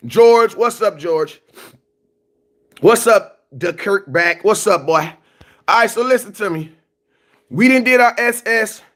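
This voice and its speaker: High-voiced, bright, exasperated man ranting. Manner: shouting, exasperated, shouting out viewers by name. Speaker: livestream host reacting to football news. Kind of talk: emotional livestream rant.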